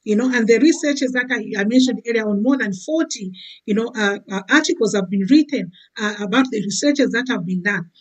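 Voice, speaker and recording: Woman with a higher voice. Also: fairly quick, rough recording. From Zambia. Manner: warm, filler-heavy, keeps saying "you know". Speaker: guest giving a testimony. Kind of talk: testimonial chat.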